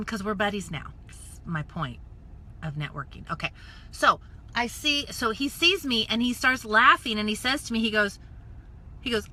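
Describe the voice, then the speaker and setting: A woman from the United States telling a story in a casual, animated live stream, acting out voices and dropping into whispered asides. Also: on the high side, moderate pace. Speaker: network marketing coach. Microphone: phone or webcam live stream.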